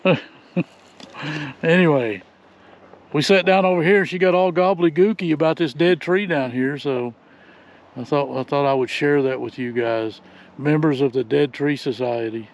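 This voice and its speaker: A man's voice: on the high side, normal speed, pauses often. An older man chatting in a folksy, chuckling way as he vlogs outdoors on a windy trail. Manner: folksy, chuckling, says "y'all". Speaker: vlogger. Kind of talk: casual outdoor vlog chat.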